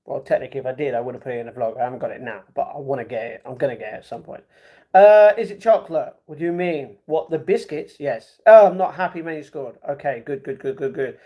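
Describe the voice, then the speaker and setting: A man's voice: medium pitch, quick pace, warm tone. A young man chatting casually with viewers as he reads out his live stream chat. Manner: chatty, banters with viewers, slangy. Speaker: livestream host reading chat.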